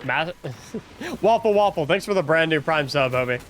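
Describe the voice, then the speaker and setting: A young male streamer venting on a livestream in a high voice. His pitch leaps around as he gets exasperated, and he trips over and repeats his words. A faint hiss of noise sits underneath. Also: lively intonation, moderate pace, a bit bright. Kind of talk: casual livestream rant.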